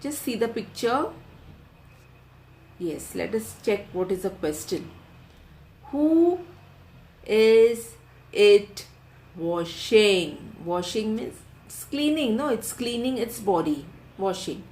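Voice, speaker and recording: A woman teacher, taking a class of children through a lesson, repeating each question and answer slowly so they can write it down. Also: medium pitch, expressive, darkish tone. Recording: roomy echo.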